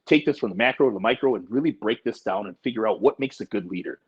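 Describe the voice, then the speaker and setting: A man's voice: lowish voice, animated, fast talker, slightly rough. A man in his forties co-hosting a casual podcast chat, talking bluntly and emphatically with plenty of profanity. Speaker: podcast co-host. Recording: dull lo-fi recording.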